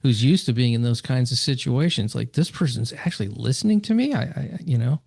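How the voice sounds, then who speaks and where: A man's voice: medium pitch, lively intonation, a little fast, vocal fry, darkish tone, slightly rough, no room sound, clean studio sound. A man hosting a podcast interview who reflects on and adds to his guest's points. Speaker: podcast host. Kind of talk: conversational interview talk.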